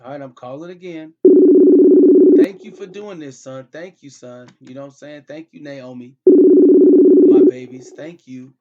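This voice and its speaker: A man's voice: mid-range voice, normal speed, phone-quality sound. A middle-aged man hosting a comedy show, talking as a father on a call in a pleading, repetitive, exasperated way.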